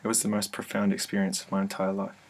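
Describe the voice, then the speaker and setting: A man telling a personal story to his webcam in an office, hesitant and soft-spoken, full of fillers and restarts. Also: sits low, completely flat delivery, quick pace. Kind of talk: casual first-person testimony. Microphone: computer webcam mic.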